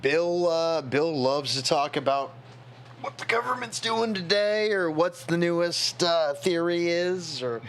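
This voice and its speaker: A man's voice: fairly high pitch, expressive, unhurried, a bit bright, a little hiss or hum. A tipsy man streaming, rambling in casual chat and talking to his chat moderators.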